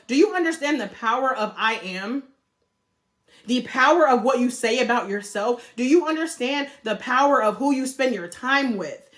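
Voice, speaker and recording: A woman's voice: on the high side, lively intonation, normal speed, a bit bright. A woman vlogger giving a fired-up motivational talk straight to her viewers, preachy and blunt, swearing freely. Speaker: travel and money vlogger.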